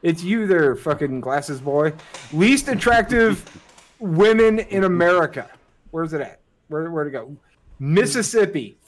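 A man's voice: on the high side, expressive, measured pace. A man co-hosting a podcast, mocking a list he reads aloud and swearing. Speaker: podcast co-host. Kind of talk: casual banter.

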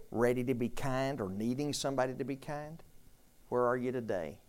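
A man's voice: mid-range voice, moderate pace, darkish tone. A man leading a conversational sermon as pastor, repeating questions and inviting the group to answer.

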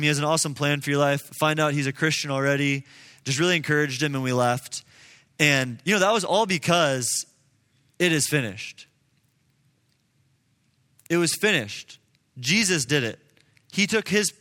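Young man in his twenties, fairly high, bright voice, informal preaching with lots of "like", long hall reverb. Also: moderate pace. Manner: casual, earnest, uses many fillers. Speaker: speaker addressing a group. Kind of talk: personal testimony and preaching. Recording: long reverb in a large room.

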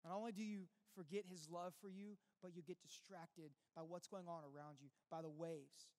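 A pastor preaching a sermon in an earnest, conversational way, full of rhetorical questions. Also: male voice, high voice, fairly even intonation, moderate pace, a little mellow. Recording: long reverb with faint music behind.

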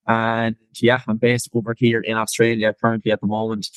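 A young man with an Irish accent, chatting casually as a podcast guest over a video call, quick and full of fillers. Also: on the low side, completely flat delivery, smooth, dry recording, poor audio. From Ireland. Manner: quick talker with many fillers. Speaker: guest, personal trainer.

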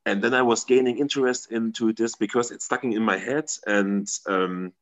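Halting low-voiced man. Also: steady tone, muffled recording. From Germany. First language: German. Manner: halting, searching for English words. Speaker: guest, metal band member. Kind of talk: casual interview answers.

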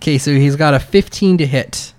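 A man acting as game master, calmly narrating what happens in a tabletop game. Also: a little high, fairly quick, dry recording.

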